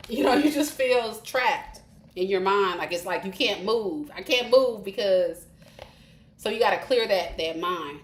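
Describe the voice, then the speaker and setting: A tarot reader gives a live-streamed reading, speaking informally and chattily straight to her viewers. Her mid-range voice has lively intonation and an unhurried pace, recorded with roomy echo and faint hiss.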